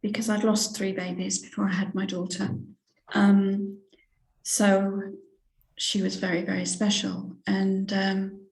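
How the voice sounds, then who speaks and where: A woman in her sixties with an English accent, a reverend recounting a spiritual experience as an interview guest, hesitant and heartfelt, with many pauses and restarts. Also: medium pitch, completely flat delivery, creaky, a little mellow. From England. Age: 60s. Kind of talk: personal spiritual testimony in an interview. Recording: roomy echo.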